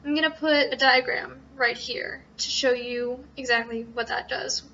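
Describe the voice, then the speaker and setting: A young woman talks through poetry basics in a high, bright voice, often pausing with ums and correcting herself. The recording is dull and lo-fi. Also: fairly even intonation, vocal fry, a little hiss or hum. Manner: hesitant, many ums and self-corrections. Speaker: student presenter. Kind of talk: informal tutorial.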